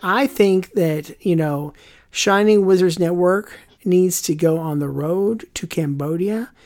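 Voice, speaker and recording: A man's voice: high voice, slow pace, darkish tone. A man co-hosting a podcast, rambling and joking through the sign-off with lots of fillers. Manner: rambling, jokey, filler-heavy. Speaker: podcast co-host. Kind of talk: casual podcast sign-off chat.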